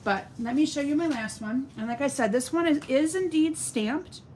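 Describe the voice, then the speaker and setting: A woman's voice: high-pitched, normal speed, darkish tone, a little hiss or hum. Chatty woman demonstrating card making. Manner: chatty, reads out viewer comments. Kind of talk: live-stream craft demo.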